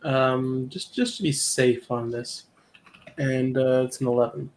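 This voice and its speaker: A man taking part in a tabletop game, speaking slowly and hesitantly. His pitch sits in the middle range as he asks questions about the scene. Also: steady tone, a little mellow, a little hiss or hum. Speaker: player. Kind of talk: casual tabletop play.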